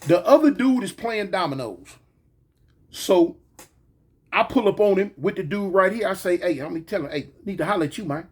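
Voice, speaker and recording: A man telling a story in a casual, animated way, acting out the voices of the people in it. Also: high-pitched, moderate pace, slightly rough.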